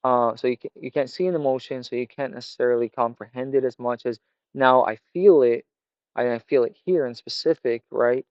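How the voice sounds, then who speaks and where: Male vlogger, mid pitch, halting thoughtful monologue, lo-fi muffled audio. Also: darkish tone, no echo. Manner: rambling, hesitant, many fillers and restarts. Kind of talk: casual reflective monologue. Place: outdoors by a fire. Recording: dull lo-fi sound.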